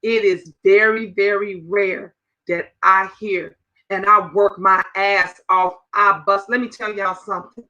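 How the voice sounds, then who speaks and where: A woman in her fifties hosting a casual livestream chat, animated and talking straight to her viewers. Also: medium pitch, unhurried, lo-fi sound. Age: 50s. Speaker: livestream host.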